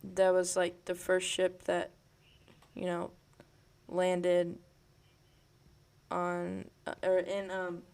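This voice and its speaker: Slow, hesitant young man. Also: high-pitched, completely flat delivery, gravelly, a little mellow, clean tone. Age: young adult. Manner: hesitant, full of ums and pauses. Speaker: podcast co-host. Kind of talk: casual chat.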